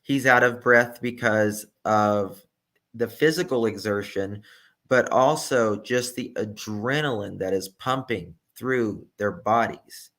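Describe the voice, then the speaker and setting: Slow-talking male true crime commentator. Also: lowish voice, a bit bright. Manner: emphatic, repeats key words.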